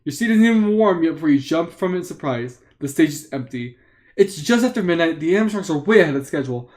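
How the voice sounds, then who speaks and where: A man's voice: fairly high pitch, lively intonation, fast, darkish tone. A man reading an interactive book aloud live for friends, playful with joking asides.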